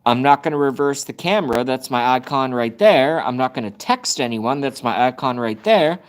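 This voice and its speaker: A man of medium pitch speaks with animation at a normal pace while hosting a casual livestream on his phone. He vents and swears about his device, the phone camera held at arm's length.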